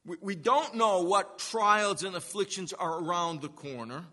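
A man preaches in a high, bright voice, unhurried and deliberate. His words ring out with a long reverb, as in a church sanctuary. He is earnest and emphatic, stretching the words he wants to land. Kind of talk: sermon.

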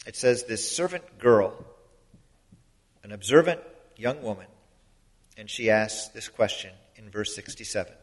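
A man's voice: on the low side, lively intonation, measured pace, long pauses. Man preaching in a reverberant hall. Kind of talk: sermon.

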